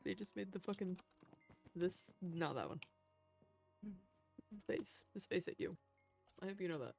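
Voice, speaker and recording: A woman chatting casually while playing on a roleplay server, blunt and quick to swear. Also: lowish voice, expressive, gravelly, a little mellow, soft background music. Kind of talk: casual gaming chat.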